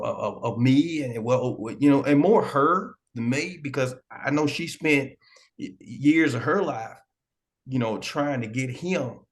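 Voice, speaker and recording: A man playing a stammering, grieving young man. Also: mid-range voice. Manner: stammering, hesitant, repeats words. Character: troubled young man grieving his mother. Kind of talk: tabletop role-play.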